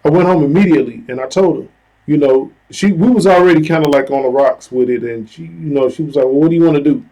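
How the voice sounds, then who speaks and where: Man, vlogger, casual storytelling, somewhat high voice, warm mellow tone, chatty fillers. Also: quick pace, rough recording. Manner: conversational, heavy use of "you know" and "like" fillers; earnest, retelling a story with lively asides.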